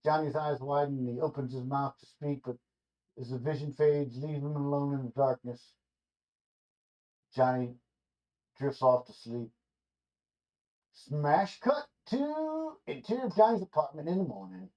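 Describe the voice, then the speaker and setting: Man reading a screenplay, slightly high voice, mellow, loose ad-libbed asides, dull lo-fi recording. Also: a little slow, long pauses. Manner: loose, ad-libbing, self-correcting asides. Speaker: screenplay reader. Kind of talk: reading a rough draft screenplay aloud.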